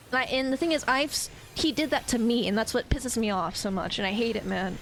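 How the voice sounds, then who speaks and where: A woman's voice: sits high, animated, fast, fairly bright tone, a little hiss or hum, rough recording. A young woman streamer venting in casual chat to her viewers, swearing often and stumbling over her words. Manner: ranting, frequent swearing and restarts.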